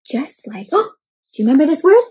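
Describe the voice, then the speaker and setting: A woman doing an interactive read-aloud of a picture book for children, animated, with gasps and questions to the listeners. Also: high-pitched, a little fast, low-quality recording. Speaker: children's storyteller.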